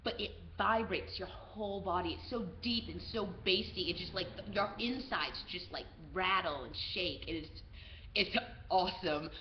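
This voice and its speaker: Animated woman telling a story. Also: fairly low pitch, moderate pace, a little hiss or hum. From USA. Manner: animated, lots of "like" and "um". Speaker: travel vlogger. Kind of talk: casual storytelling to camera. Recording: roomy, slightly dull video audio.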